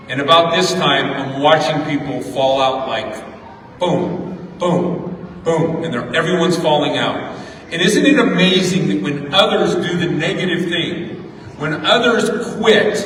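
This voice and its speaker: A man's voice: a little high, fairly bright tone, slight background noise. A middle-aged man giving a motivational graduation speech, telling a story and repeating words for emphasis. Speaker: graduation speaker. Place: large hall at a ceremony. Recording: echoey hall from far off.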